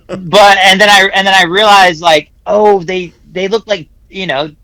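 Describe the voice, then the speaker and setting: A man's voice: sits high, fairly even intonation, a little slow, sharp tone, no room sound, low-quality recording. A man co-hosting a podcast, rambling through casual stories with lots of restarts and "you know"s. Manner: rambling, many restarts and fillers. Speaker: podcast co-host.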